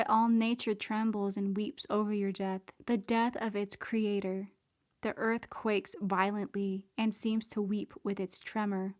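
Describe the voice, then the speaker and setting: Woman reader, devotional prayer reading, earnest, mid-pitched, even and steady. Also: a little slow.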